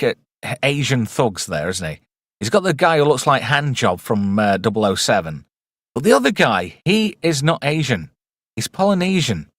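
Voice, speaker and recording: A man talks through a film in a loose, irreverent ramble, cursing freely. His voice sits at an ordinary middle pitch. The sound is dry and close, with no room echo. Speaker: movie reviewer. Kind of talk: casual film commentary.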